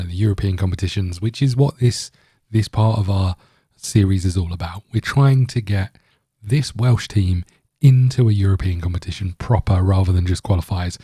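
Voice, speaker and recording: A man's voice: on the low side, warm tone, breathy edge, no room sound, studio quality. A man hosting a casual gameplay commentary, rambling with many fillers and restarts. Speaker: gaming channel host.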